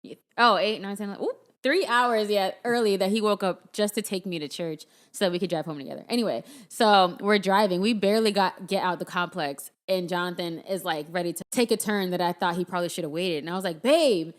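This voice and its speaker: A young woman co-hosting a podcast, chatting casually with her husband and laughing often as she tells animated stories. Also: mid-range voice, fairly quick, hardly any pauses. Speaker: podcast co-host. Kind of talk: casual chat.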